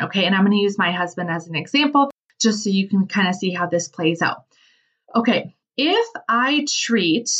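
A woman giving a casual motivational talk about money, chatty and full of "like" and "right?" asides. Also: mid-range voice. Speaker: business owner and money mindset speaker. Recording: slightly distant, dull lo-fi sound.

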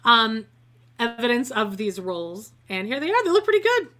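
A woman riffs through a casual, snarky TV recap in a bright, fairly high voice. She talks loosely and swears freely. She laughs easily and slips into playful mock voices. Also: very animated, normal speed. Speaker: co-host of a TV recap show.

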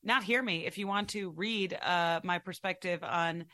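A woman's voice: fairly low pitch, measured pace, bright, forceful tone. A woman author, a podcast guest, telling stories in a chatty, self-deprecating way. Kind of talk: casual interview chat.

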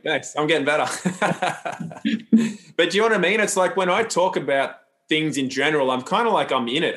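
A man's voice: on the high side, fairly bright tone. A man talking as a podcast guest, loose and rambling, with frequent restarts and asides. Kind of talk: casual interview talk.

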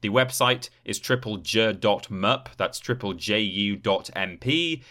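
A podcast co-host reading out links and thanks in a brisk, easygoing way. His voice is very deep, with a bright, forceful edge. He sounds relaxed and at home on the mic. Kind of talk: casual podcast outro.

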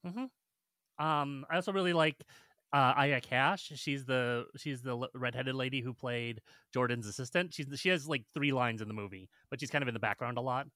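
Male podcast co-host, bright tense voice, dry close sound, hesitant. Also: medium pitch, moderate pace, no room sound. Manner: hesitant, many ums, poses questions. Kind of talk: casual film discussion.

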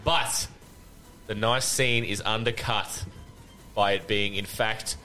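A man hosting a casual, sweary chat, animated and laughing often. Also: fairly low pitch, slow pace, soft background music. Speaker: podcast host.

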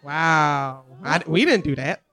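On a comedy club stage, a low-pitched woman guest speaks animatedly and emphatically during a live podcast interview, laughing quickly. A loud crowd can be heard.

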